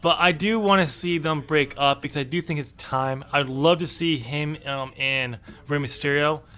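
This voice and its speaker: A man co-hosts a podcast in a loose, casual chat. His voice is fairly high and bright, and he talks in an opinionated way, full of ums. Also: moderate pace, smooth. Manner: opinionated, chatty with frequent ums. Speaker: podcast co-host.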